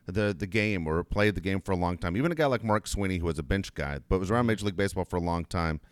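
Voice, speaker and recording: A man's voice: low voice, fast, clear, resonant tone, no echo. A middle-aged man co-hosting a casual sports talk show, easygoing as he recounts what players told him. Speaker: radio host.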